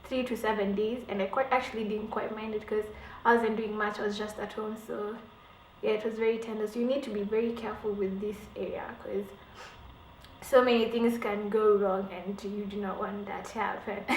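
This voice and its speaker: A woman's voice: medium pitch, flat delivery, moderate pace. A young woman, telling a dramatic personal story for her vlog with laughs and acted-out quotes. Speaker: beauty vlogger. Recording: echoey room, faint background hum.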